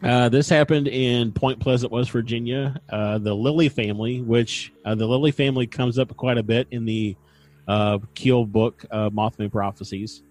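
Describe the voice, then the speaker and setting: A man's voice: medium pitch, fairly even intonation, moderate pace, a little mellow. A man hosting a casual podcast, recounting events with dry humor and frequent fillers. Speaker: podcast host. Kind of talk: casual chat and storytelling.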